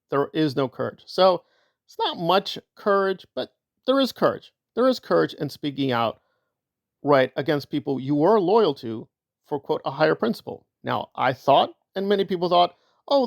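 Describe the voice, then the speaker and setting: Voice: medium pitch, lively intonation, normal speed, vocal fry, dry recording, clean studio sound. A commentator giving opinion commentary in a sarcastic, argumentative way.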